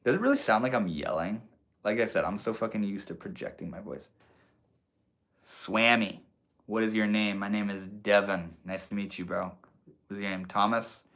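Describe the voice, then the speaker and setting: A man's voice: lowish voice, moderate pace, fairly bright tone. A young man live streaming from his room, chatting casually and slangily with his viewers and reading their messages aloud. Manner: laid-back, slangy, reads chat aloud. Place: indoors at a computer.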